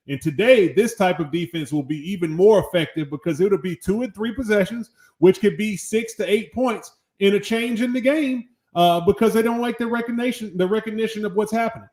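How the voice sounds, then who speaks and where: A man's voice: high voice, normal speed, few pauses, darkish tone. A man co-hosting a sports podcast, making emphatic points and often starting with "listen". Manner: emphatic, praises with "listen" and "tremendous". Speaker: podcast co-host. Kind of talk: casual sports talk. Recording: roomy echo.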